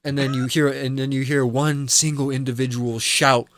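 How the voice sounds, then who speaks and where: A man's voice: medium pitch, level tone, normal speed, fairly bright tone, no room sound. A man narrating as game master, rambling with restarts and acting out sound effects.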